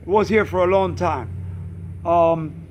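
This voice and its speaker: A man casually telling a story, animated, acting out friends' voices and bird sounds. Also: a little high, slow, a little hiss or hum. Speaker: pigeon fancier, channel host.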